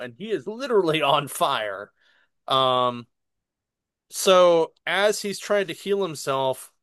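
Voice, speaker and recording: Man recapping a comic, smooth voice. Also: mid-range voice, a bit bright, no room sound, clean studio sound. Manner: rambling with many fillers and laughs. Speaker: comic book podcast co-host. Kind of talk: casual comic review recap.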